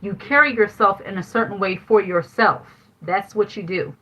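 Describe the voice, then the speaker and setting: A middle-aged woman hosts a casual life-advice livestream, telling a candid story in a chatty way and laughing often. Her medium-pitched voice is bright and forceful at normal speed. The livestream audio is dull and lo-fi.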